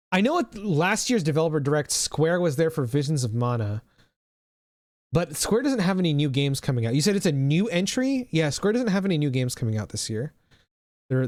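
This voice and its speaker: A man's voice: fairly high pitch, no room sound, clean studio sound. A man streaming live, chatting casually and rambling, swearing freely and answering his chat.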